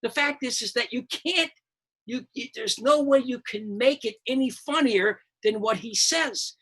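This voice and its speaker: A man's voice: very high-pitched, measured pace, a bit bright, breathy edge. An older American man, a comedian hosting a live show, ranting about politics in a profane, rambling, heated way with many restarts.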